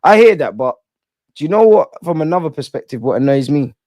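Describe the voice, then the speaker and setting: A man's voice: a little high, fairly quick, dry recording. Slangy man hosting a football stream. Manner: slangy, animated, says "man" a lot. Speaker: football channel host. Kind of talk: casual live-stream chat.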